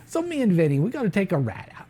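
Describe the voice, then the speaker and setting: Woman doing a gravelly boastful street hitman. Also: fairly low pitch, huge pitch swings, fast talker, dark tone, pitched above the performer's own voice, heavily acted. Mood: gleeful. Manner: rambling, chatty, full of fillers and asides. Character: callous boastful street hitman, gleeful about killing. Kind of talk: improvised comic monologue.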